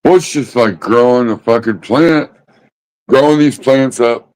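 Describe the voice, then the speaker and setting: A man ranting casually about smoking habits, swearing constantly and mocking others with drawn-out pauses. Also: medium pitch, a little mellow, low-quality recording. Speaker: host. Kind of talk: casual profane rant.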